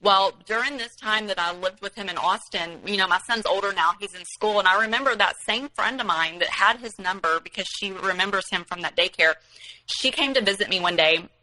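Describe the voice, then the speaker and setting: A woman's voice: mid-range voice, brisk, bright, forceful tone, rough recording. A woman recounting her own experience as a guest in casual storytelling, rambling with many fillers and restarts.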